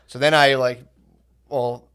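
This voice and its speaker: A man's voice: mid-range voice, flat delivery, slow pace, fairly bright tone, clear, resonant tone. A man in his thirties co-hosting a podcast, telling rambling, profane comic stories and laughing often. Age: 30s. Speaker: podcast co-host. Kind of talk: casual comedic storytelling.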